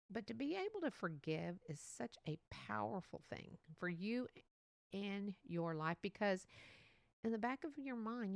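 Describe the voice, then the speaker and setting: A woman hosting a casual solo podcast, talking in a chatty, animated way and laughing often. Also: medium pitch, vocal fry, dry recording. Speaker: podcast host.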